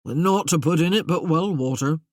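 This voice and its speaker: Give me a proud, grandiose squatter who calls himself a wizard voiced by an audiobook narrator. He speaks a touch higher and louder than the narration, in a rough, terse way, as if claiming the whole place belongs to him. The recording is very dry, with almost no room sound. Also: a little fast, no echo, close to an everyday voice. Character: gruff squatter claiming to be Merlin, a man.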